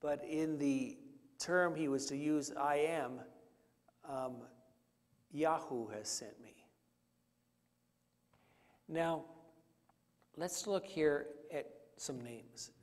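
In a church sanctuary with hall reverb, a man leads a conversational Bible study, teaching with fillers and posing questions to the congregation. His voice is on the high side, steady and slow.

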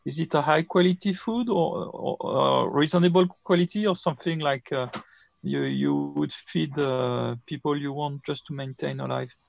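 Slightly high gravelly guy playing a tabletop game, halting, kinda slow to find words. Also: no echo. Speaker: player.

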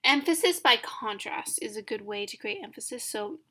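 A woman's voice: a little high, lively intonation, normal speed, pushed and bright. A young woman teaching an art lesson over slides. She is informal and thinks aloud, with many ums and self-corrections. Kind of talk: casual recorded lecture over slides.

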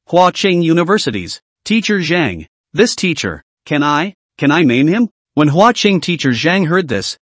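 Male narrator, scripted recap, higher lively voice, dry. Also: dry recording.

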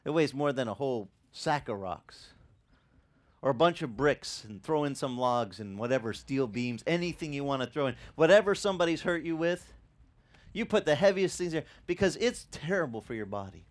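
Animated male pastor, slightly high voice. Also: brisk. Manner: animated storytelling that acts out dialogue. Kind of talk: sermon.

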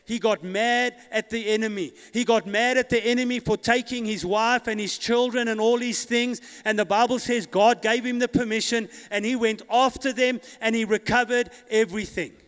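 A man with a high voice delivers a sermon, leading the congregation in responses and rising into bold declarations. His voice carries a long reverb through a church hall. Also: fairly even intonation, moderate pace, hardly any pauses, clear, resonant tone. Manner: call-and-response preaching, rising to loud declarations. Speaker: pastor.

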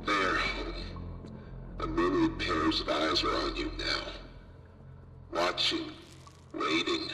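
An actor voicing a grim, weary male toy creature, the last of its kind, speaking in slow, ominous warnings in a horror game. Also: rumbling low, pushed and bright, heavily acted. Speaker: game character. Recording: echoey distant game audio with music.

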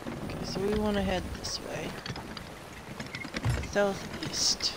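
A woman's voice: mid-range voice, fairly even intonation, takes it slowly, heavy background noise. A woman streaming a video game live, chatting casually and thinking aloud to herself as she plays. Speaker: gaming streamer. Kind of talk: live gameplay commentary. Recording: loud game sounds behind voice. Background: loud ocean and boat game audio.

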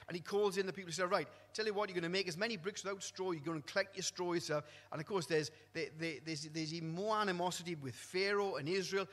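A man preaching a sermon, swinging from loud exclamations to quiet, low asides. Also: fast, few pauses. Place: church hall. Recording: long echo of a church hall.

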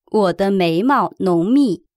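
A woman reading short prompts for a language lesson in a brief, even, neutral manner. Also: mid-range voice, slow pace, no room sound, clean studio sound. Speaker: prompt reader for translation drills.

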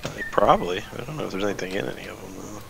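Man, lowish voice, gravelly, dry matter-of-fact game guidance, audible noise. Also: animated, very fast, a crowd in the background. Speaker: co-host guiding the player. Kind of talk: casual gameplay commentary. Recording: clear background noise.

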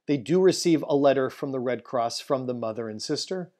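A man, a rabbi, giving a solemn Holocaust history presentation, telling a family story and slowing down for emphasis. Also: medium pitch, animated, darkish tone.

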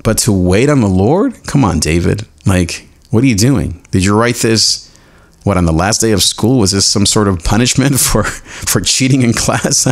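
On his devotional podcast, a man with a lowish voice explains Hebrew words slowly. He's animated and pokes fun at himself, laughing often.

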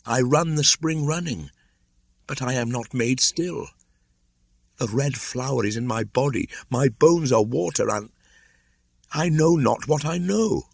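A man's voice: medium pitch, measured pace, creaky, no room sound, voice pushed up. A man voicing an anguished young man raised by wolves, pleading in a strained, broken way in a storybook reading.

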